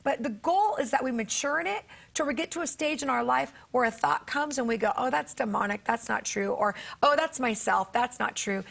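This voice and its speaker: A woman's voice: a little high, expressive, a little fast, vocal fry, few pauses, a bit bright. A woman guest on a faith talk show, telling a personal story in earnest and acting out the dialogue as a preacher and author.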